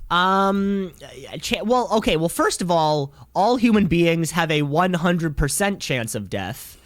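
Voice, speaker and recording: A young man co-hosts a podcast in a fairly high, expressive voice, speaking unhurriedly with studio quality and no echo. He chats casually in a rambling, jokey way and laughs often.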